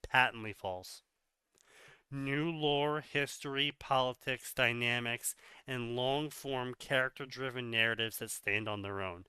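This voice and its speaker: A man's voice: medium pitch, unhurried, pushed and bright, clean tone, no echo. A man reading a text aloud for a comedy stream and mocking it with frequent swearing. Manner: swears often, mocking asides. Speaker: co-host reading fanfiction aloud. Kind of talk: sarcastic commentary on a read-aloud text.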